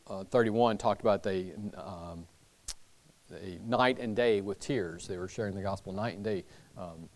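A man's voice: on the low side, darkish tone. Man, church class teacher, casual Bible lesson, chatty, restarts often. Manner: conversational, rambling, with many fillers and restarts.

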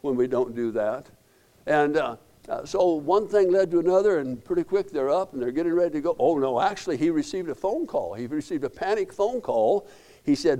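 Older man, pastor, sermon, earnest, folksy, repeats phrases, slightly high voice. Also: lively intonation, normal speed, mellow.

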